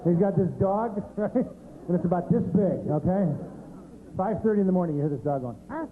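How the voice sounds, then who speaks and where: A man's voice: high voice, animated, a little fast. A man doing stand-up with conversational storytelling, often asking the audience questions. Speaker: stand-up comedian. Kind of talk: stand-up routine. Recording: tinny, noisy 90s TV recording.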